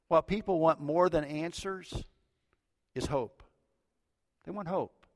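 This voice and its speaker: A middle-aged pastor preaches a sermon, alternating between loud, forceful lines and soft, low ones, all heard in a hall with long reverb.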